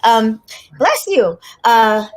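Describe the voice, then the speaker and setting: A woman talking as a guest on a chat show, telling a long story in a rambling, animated way and laughing often. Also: a little high, drawn-out words. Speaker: guest actress and comedian. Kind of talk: casual chat.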